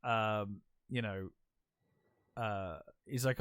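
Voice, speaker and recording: A man's voice: lowish voice, steady tone, slow pace, pauses often, fairly bright tone, clear, resonant tone, no echo, studio quality. A man co-hosting a film podcast, casually retelling scenes and quoting the characters as he goes. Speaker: podcast co-host.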